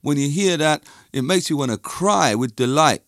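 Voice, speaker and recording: A man's voice: fairly high pitch, lively intonation, moderate pace, a bit bright, no echo, clean studio sound. A middle-aged man from London with a London accent, talking in a casual, rambling, opinionated monologue that drifts off topic. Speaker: music and dance teacher.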